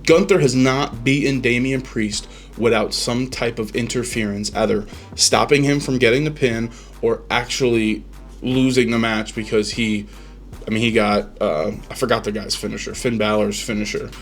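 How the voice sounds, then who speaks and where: A man's voice: mid-range voice, fairly even intonation, normal speed, faint music behind. Chatty man rambling with ums. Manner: rambling, opinionated, lots of ums and restarts. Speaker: podcast host. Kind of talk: casual reaction chat.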